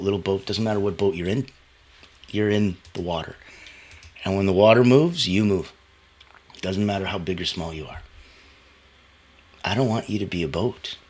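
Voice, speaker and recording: A man giving a motivational talk, coaching listeners directly in an emphatic, animated way. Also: deep voice, breathy edge. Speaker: motivational speaker.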